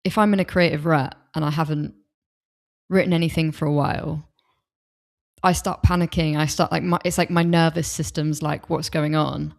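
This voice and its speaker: A woman's voice: low voice, steady tone, normal speed. A woman who is a musician, talking as a podcast guest openly and eagerly, often restarting her sentences, into a desk microphone. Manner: open, enthusiastic, with restarts. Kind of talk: casual conversation.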